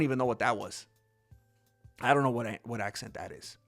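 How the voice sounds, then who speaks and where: A man hosting a casual commentary stream, rambling and animated, often acting out quotes. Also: mid-range voice, moderate pace, gravelly, faint music behind. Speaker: host.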